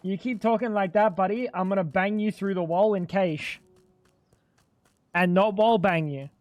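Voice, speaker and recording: A man's voice: high-pitched, moderate pace, no echo, soft background music. A young man livestreaming a game, bantering with his chat in a joking, profane way. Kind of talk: casual gaming livestream chat.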